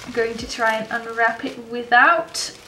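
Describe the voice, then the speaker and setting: A woman vlogger chatting casually to camera as she opens fan mail, gushing and excitable. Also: on the high side, unhurried. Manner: gushing, excitable, gasps and laughs often. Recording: echoey room with faint noise.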